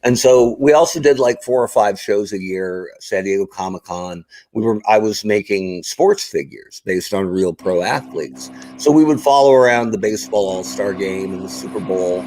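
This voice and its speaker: A middle-aged man appears as a podcast guest, his voice on the low side, at a moderate pace with few pauses. The recording is low quality but has no echo. He chats casually and tells stories with animation, acting out the exchanges he describes.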